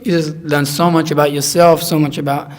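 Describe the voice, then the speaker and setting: Young man, fairly high voice, casual chat, lively storytelling, mimics friends. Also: a little fast. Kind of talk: casual conversation.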